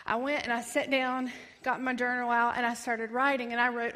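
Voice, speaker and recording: Woman in her thirties, testimony speaker, lively storyteller who acts out quotes. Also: fairly high pitch, normal speed. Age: 30s. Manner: animated storytelling, acts out quoted voices, laughs often. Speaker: ministry founder giving testimony. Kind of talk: personal testimony.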